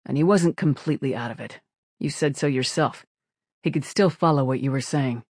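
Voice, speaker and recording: A man doing a gruff, sharp-edged starship captain. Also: mid-range voice, normal speed, no room sound, studio quality, natural voice. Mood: firm. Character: gruff middle-aged male ship captain.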